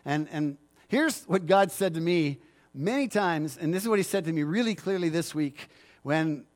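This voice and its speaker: A man's voice: fairly high pitch, lively intonation, moderate pace. A middle-aged male pastor preaching a sermon, emphatic and repetitive, asking the congregation for agreement.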